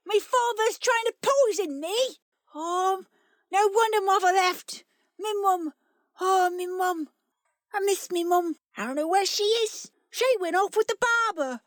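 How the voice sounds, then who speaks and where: A woman's voice: a little slow, no room sound, studio quality. A woman voicing a poor, dramatic young boy with a Cockney-ish accent, wailing his complaints. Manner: wailing, high-pitched complaining.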